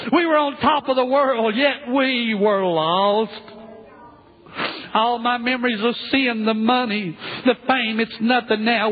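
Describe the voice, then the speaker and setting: A male preacher playing a regretful father lamenting from hell, with a halting, pleading, mournful delivery. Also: very high voice, pitched above the performer's own voice. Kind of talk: dramatic sermon reading. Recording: tinny lo-fi phone-like recording.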